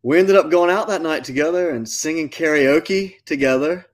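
A man, a musician guest telling a long story in a casual, animated interview. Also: on the high side, moderate pace. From North Carolina. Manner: animated anecdote-telling, with quoted asides.

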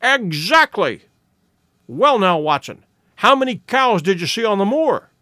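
A man voicing an eager, sharp male detective who makes brisk, emphatic deductions in an audiobook reading. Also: high voice, sing-song, no room sound, studio quality, pitched above the performer's own voice, full character voice. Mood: excited, insistent.

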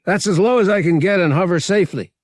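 A man's voice: on the low side, very animated, moderate pace, vocal fry, dark tone, breathy edge, no echo, studio quality, heavily acted. A man voicing a brash young male pilot who gives orders in casual slang. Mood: yelling.

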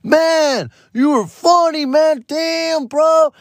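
A man doing a high, excited impression of a gushing male comedian who keeps saying "bro" and "man". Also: extremely slow, dry recording, clean studio sound, heavily acted. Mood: hyped. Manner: shouty, hyped, piles on "man", "bro", "dude".

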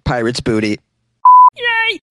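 A man's voice: mid-range voice, huge pitch swings, takes it slowly, pushed and bright. A man from the United States reading weird news stories aloud and mocking them with sarcasm, laughing often between lines. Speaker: news commentary host. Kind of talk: casual news commentary.

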